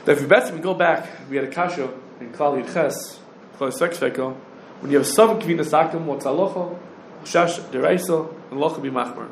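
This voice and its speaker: A man gives a Talmudic lecture in a fairly high voice, pressing each point with quick questions that climb upward. The room gives his voice a noticeable echo, and a faint ambience hums underneath. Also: a little hiss or hum. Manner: rapid questioning, rising challenges. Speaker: religious law teacher.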